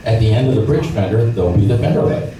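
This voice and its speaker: A middle-aged fishing guide with a lowish, fast voice tells fishing stories during a club meeting, an animated storyteller who acts out voices and sounds along the way. It's a storytelling seminar talk, recorded noisily from a distance in an echoey room.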